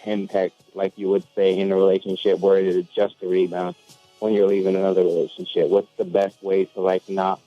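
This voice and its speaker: A man's voice: deep voice, little pitch movement, a little fast, soft background music. A man calling in to a radio show, hesitant and searching for his words. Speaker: caller. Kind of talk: call-in question. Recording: dull phone-in line.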